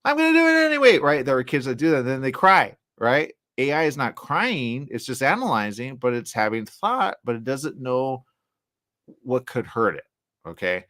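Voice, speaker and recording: A man hosting a radio talk show alone, rambling in a loose, animated way, jumping into quoted voices and trailing off into mumbles. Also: mid-range voice, normal speed, no echo, studio quality.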